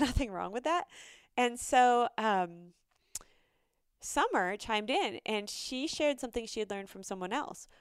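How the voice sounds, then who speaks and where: A woman's voice: fairly high pitch, clear, resonant tone, no echo, studio quality. A woman hosting a podcast, talking casually and animatedly with lots of fillers and restarts. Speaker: podcast host. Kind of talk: casual solo podcast talk.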